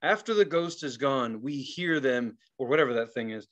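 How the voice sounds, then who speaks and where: A man co-hosting a podcast, telling a story in a casual, profane and animated way and acting out the people in it. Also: medium pitch, normal speed. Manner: profane, animated, acts out quoted voices. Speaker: podcast co-host.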